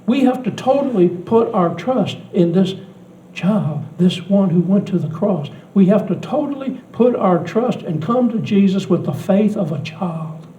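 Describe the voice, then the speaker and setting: An older man preaching a sermon in a church, telling a story earnestly, swinging between hushed and loud delivery. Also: high-pitched, animated, measured pace, roomy sound, far from the mic, slight background noise, poor audio. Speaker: pastor.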